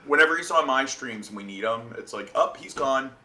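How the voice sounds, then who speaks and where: An American man hosting a casual stream podcast, trading sardonic deadpan jokes. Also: mid-range voice, fairly quick. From United States. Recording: roomy echo.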